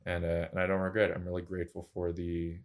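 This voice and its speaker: A man's voice: low-pitched, completely flat delivery, fast talker. A young man, a track and field coach, telling his story as a podcast guest in an earnest, candid, casual way full of slangy fillers.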